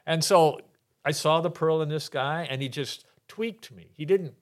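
An older man from Texas, a podcast guest telling his faith testimony in a lively way, acting out the voices in his anecdotes and laughing often. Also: a little high, unhurried.

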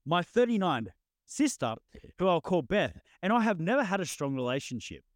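A man's voice: sits high, sing-song, moderate pace, no echo, clean studio sound. A man co-hosting a casual podcast, reading a story aloud and often tripping over words and correcting himself. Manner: stumbling reader, frequent self-corrections. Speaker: podcast co-host reading stories.

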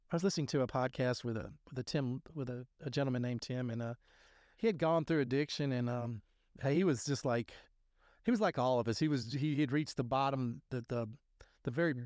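Male podcast host, mid pitch, impassioned preacher-style rambling, dry room. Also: darkish tone, smooth, no room sound. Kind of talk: sermon-like recovery talk.

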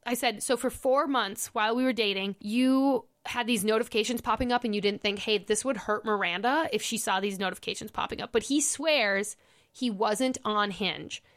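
A woman's voice: on the high side, moderate pace, a bit bright. A woman podcast host in casual chat, animatedly retelling a breakup and reading old text messages aloud.

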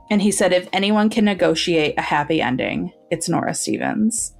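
Low-voiced woman retelling a story animatedly. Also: normal speed, gravelly, few pauses, faint music behind. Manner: animated storytelling, acting out characters' lines. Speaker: podcast co-host. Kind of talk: casual book-club chat.

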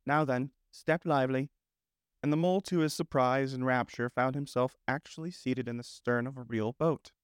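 A man narrating a classic storybook in a measured, gentle, unhurried manner. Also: mid-range voice, smooth, no room sound, studio quality. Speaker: audiobook narrator.

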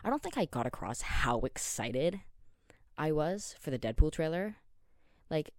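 A man's voice: fairly high pitch, sing-song, measured pace, no echo, studio quality. A tired Canadian man in his twenties hosting a casual solo podcast, rambling with lots of likes and ums and perking up when talking about favorite superheroes. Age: 20s. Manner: rambling and self-interrupting, with many likes and ums. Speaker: podcast host.

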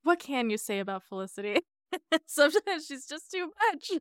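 A woman's voice: high-pitched, sing-song, moderate pace, no room sound, clean studio sound. A woman co-hosting a casual podcast, analyzing characters in a reflective, wry way and laughing often. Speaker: podcast co-host. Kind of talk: casual chat analyzing a TV episode.

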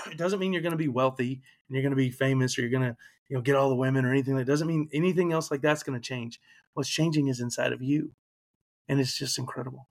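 A man's voice: mid-range voice, quick pace, gravelly. A man in his thirties, a podcast guest, candidly and reflectively telling a personal story, emotional at times.

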